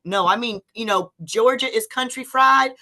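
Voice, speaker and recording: A woman's voice: a little high, normal speed. A woman co-hosting a casual podcast chat, telling stories and acting out what people said. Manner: animated storyteller acting out quotes. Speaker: podcast co-host.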